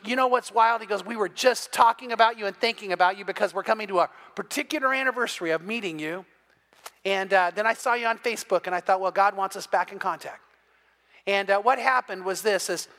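Middle-aged pastor guy preaching, storytelling and doing the voices, high pitched, bright. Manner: storytelling, animated, acting out quoted voices. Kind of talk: sermon.

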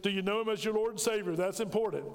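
High-voiced storytelling preacher, echoing hall. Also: male voice, quick pace. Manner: storytelling, acts out dialogue. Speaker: pastor. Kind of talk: sermon.

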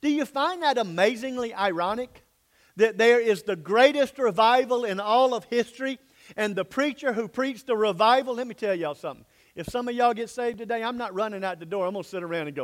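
A man preaching a sermon, acting out voices and swinging from hushed asides to loud outbursts. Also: very high voice, brisk. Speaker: pastor.

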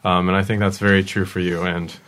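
A man's voice: deep voice, flat delivery, fairly quick, fairly bright tone. A man hosting a studio talk show, easygoing with lots of ums, laughing along with his guests. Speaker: host.

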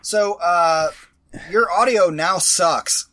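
A man co-hosting a casual podcast chat, animated and swearing freely as he acts out scenes. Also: sits high, slow. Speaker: podcast co-host.

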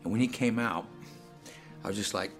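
A man's voice: fairly low pitch, moderate pace, vocal fry. An actor playing a blind man who tells, in a chatty and self-mocking way, how he set out to find a healer. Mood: eager. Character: blind man seeking healing, hopeful and chatty. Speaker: actor in a played video. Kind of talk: dramatic monologue. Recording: video with faint music underneath.

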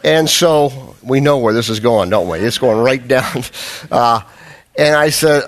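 A man's voice: medium pitch, big pitch swings, normal speed. A man preaching a sermon as a pastor, telling a self-deprecating personal story with humor, then pressing his point with earnest, fervent emphasis.

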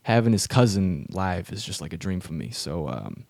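Low-voiced male host, rambling sports-radio comedy, dry close sound. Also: very animated, normal speed, gravelly, a little mellow, no echo. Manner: rambling, full of fillers. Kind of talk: comedic radio show banter.

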